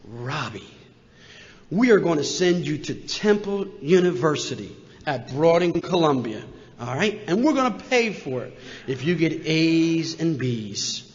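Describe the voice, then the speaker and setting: A man voicing a formal older bank vice president in a calm, businesslike way while telling a story. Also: on the high side, a little slow, voice pushed down. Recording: muffled, long hall reverb.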